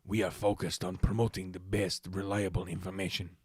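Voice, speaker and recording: A man putting on a mock Latino-accented male spokesman, reading a statement in a lower, quieter, deliberate voice. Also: little pitch movement, slightly rough, no room sound, studio quality.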